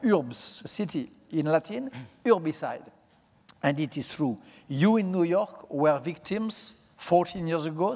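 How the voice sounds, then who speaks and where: An older man with a French accent speaks English slowly, pausing to grope for the right words. His voice sits a little high, and it carries through the long reverb of a large auditorium stage. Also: darkish tone. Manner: slow, searching for words in English. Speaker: interview guest. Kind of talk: public onstage conversation.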